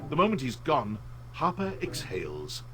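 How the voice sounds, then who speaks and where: A man's voice: medium pitch, wildly swooping pitch, moderate pace, over loud music. A man giving scripted narration of a scene in a game.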